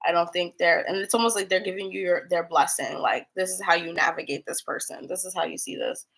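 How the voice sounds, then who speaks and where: A woman's voice: lowish voice, brisk, a bit bright. Young female tarot reader, casual livestream delivery, rambling and filler-heavy. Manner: chatty, rambling, full of "like" fillers.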